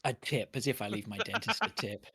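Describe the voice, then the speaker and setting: A man's voice: lowish voice, sing-song, fairly quick, bright, forceful tone, breathy edge. A man hosting a casual podcast chat, telling stories in a sweary, ranting way. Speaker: podcast host.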